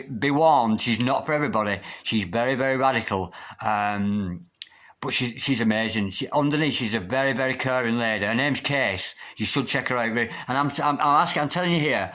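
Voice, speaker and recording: A man giving a spoken tarot reading to camera, earnest and halting, often repeating his words as he searches for them. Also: mid-range voice, pushed and bright. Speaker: tarot reader.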